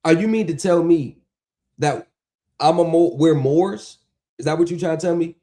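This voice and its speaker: A man hosting a livestream, talking in an animated, mocking rant that is full of profanity and rhetorical questions. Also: fairly high pitch, normal speed. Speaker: stream host. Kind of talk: ranting livestream talk.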